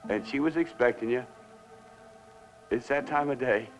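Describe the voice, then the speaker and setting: An actor playing an obsessed man in a 1960s television drama, swinging between whispers and shouts as he raves about money. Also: medium pitch, moderate pace, faint music behind, lightly acted. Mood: exalted.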